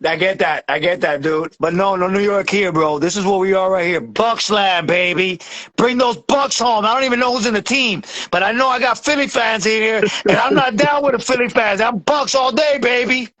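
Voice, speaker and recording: Excitable high-voiced man hosting a live chat; loud and slangy, shouts often. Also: moderate pace. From Tampa, Florida. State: sweating from heat. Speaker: livestream host. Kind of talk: excitable casual livestream chat.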